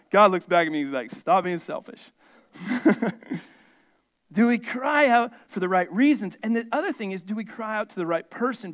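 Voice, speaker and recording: A man preaching a sermon, swinging from emphatic, rising peaks down to quiet, low stretches. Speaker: pastor.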